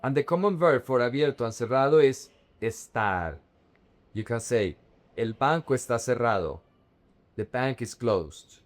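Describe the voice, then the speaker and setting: A young man teaching vocabulary, saying words slowly and carefully and repeating them in drills. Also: medium pitch, expressive. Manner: slow, careful word-by-word drilling. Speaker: Spanish teacher. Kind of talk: vocabulary lesson to camera.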